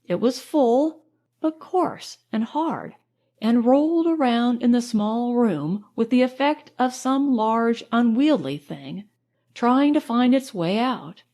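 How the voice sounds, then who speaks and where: A woman reads a novel aloud in the first person, measured and reflective. Her voice is on the higher side, yet mellow and soft-edged, and she takes her time with each phrase. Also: animated. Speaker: audiobook narrator.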